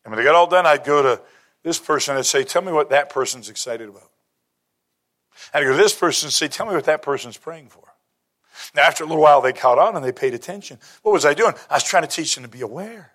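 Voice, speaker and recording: A man's voice: a little high, expressive, a little fast, pauses often, a bit bright. A man preaching a sermon, telling stories and quoting scripture, with emphatic rises in his delivery. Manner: storytelling, rising to emphatic bursts.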